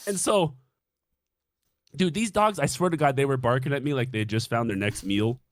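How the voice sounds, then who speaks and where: A man's voice: mid-range voice, moderate pace, no room sound. A young man casually telling a dating story on a stream, swearing freely and acting out his own reactions.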